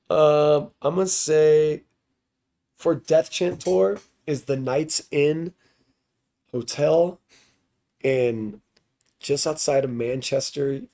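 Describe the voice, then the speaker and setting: Speaking very slowly with long pauses, a podcast guest from a touring band recounts a tour story in a loose, profane, meandering style packed with "like." His voice is a little high and dark in tone.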